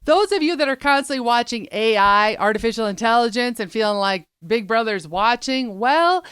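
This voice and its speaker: A woman's voice: fairly high pitch, lively intonation, moderate pace, a bit bright, clear, resonant tone, dry recording, clean studio sound. A woman co-hosting a show, chatting casually about news stories. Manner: chatty, storytelling, laughs easily. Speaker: co-host.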